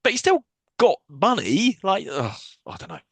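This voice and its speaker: A man's voice: high-pitched, huge pitch swings, moderate pace, fairly bright tone, slightly rough, dry recording. Male co-host, sarcastic recap chatter, dry sound. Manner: swearing, recaps plot with sarcastic asides and jokey quoted voices. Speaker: podcast co-host. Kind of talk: casual film recap chat.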